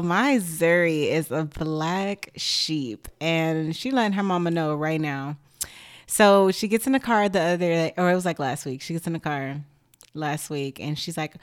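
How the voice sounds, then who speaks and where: A young adult woman hosting a podcast, talking candidly and rambling with lots of filler words while high. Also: moderate pace. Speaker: podcast host. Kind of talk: casual chat.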